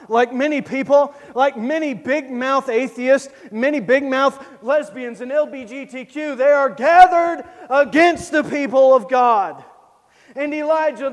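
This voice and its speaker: A man preaching a sermon, emphatic, swinging between loud declarations and low asides. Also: big-room sound.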